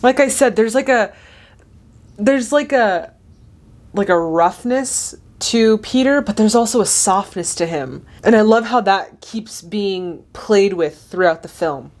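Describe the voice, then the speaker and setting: A woman's voice: medium pitch, animated, unhurried, a little mellow. A young woman hosting a casual movie reaction, chatty and gushing, often laughing.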